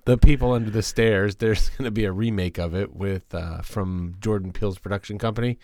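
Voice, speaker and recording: A man's voice: fairly low pitch, lively intonation, fairly quick, hardly any pauses, a little mellow, dry recording. A man co-hosting a podcast in laid-back, profane casual chat. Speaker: podcast co-host.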